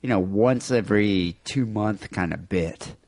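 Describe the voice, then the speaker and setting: A man's voice: lowish voice, measured pace, darkish tone, no room sound. A man with a nasal voice hosting a casual podcast, chatting and reading listener emails aloud. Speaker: podcast host.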